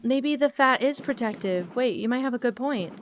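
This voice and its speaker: A woman's voice: fairly high pitch, lively intonation, normal speed, a little hiss or hum. Chatty, emotional woman streamer. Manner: emotional, chatty, talks to viewers by name. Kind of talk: casual chat while playing a game.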